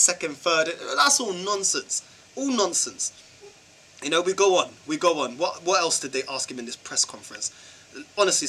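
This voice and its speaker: Exasperated man ranting, bright husky voice. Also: fairly high pitch, rough recording. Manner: exasperated, fires off rhetorical questions, slangy. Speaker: football channel vlogger. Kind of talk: football fan rant vlog.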